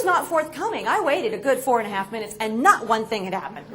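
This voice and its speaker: Animated New woman telling a story. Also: a little high, fairly quick, few pauses, some chatter behind. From New York. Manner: animated, self-mocking, expressive. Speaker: motivational speaker. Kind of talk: storytelling speech to an audience.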